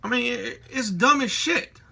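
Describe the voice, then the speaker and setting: A man's voice: extremely high pitch, unhurried, gravelly, sharp tone, husky. A young man ranting to camera in heated, profane, slangy commentary. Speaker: vlogger.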